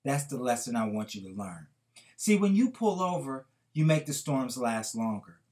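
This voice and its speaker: A man voicing a calm, reassuring father who speaks softly and steadily. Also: medium pitch, normal speed, close to an everyday voice. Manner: calm, soft-spoken.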